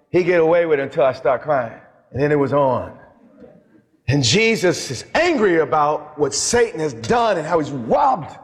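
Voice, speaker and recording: A man preaching an impassioned sermon as pastor, slowing down to stress points. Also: on the high side. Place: large church hall. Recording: long church hall reverb.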